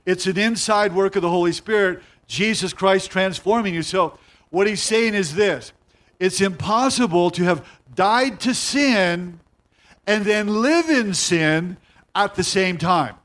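A middle-aged male pastor with a fairly high voice preaches a sermon. He leans hard on key phrases, says them twice, and drags out single words for weight. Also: fairly bright tone. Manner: emphatic, repeats key phrases, slows to stress words.

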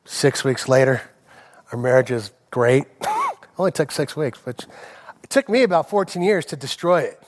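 A man's voice: on the high side, huge pitch swings, moderate pace. A man in his forties, a pastor preaching a sermon, telling personal stories and building to impassioned preaching.

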